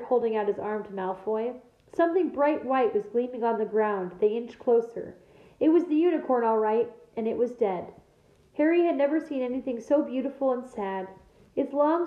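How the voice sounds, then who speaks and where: A woman teacher reading a novel aloud to her class with steady, expressive storytelling. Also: fairly high pitch, reverberant, phone-quality sound.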